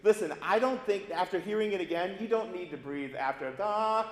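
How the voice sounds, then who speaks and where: A man's voice: high voice, fairly quick. A man leading a singing master class, coaching a student and demonstrating phrases by singing them, in a large recital hall. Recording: echoey hall with long reverb, faint music.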